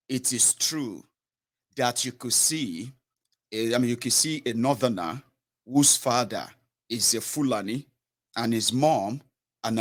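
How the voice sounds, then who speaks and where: A man with a Nigerian accent giving an impassioned political monologue, emphatic and full of fillers and self-corrections. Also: mid-range voice. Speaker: political commentator.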